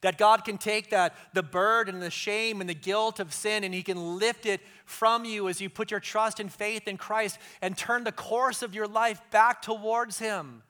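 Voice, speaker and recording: A man preaching a sermon as pastor, conversational and animated, dropping to hushed tones for emphasis. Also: high-pitched, moderate pace, hardly any pauses, clean tone.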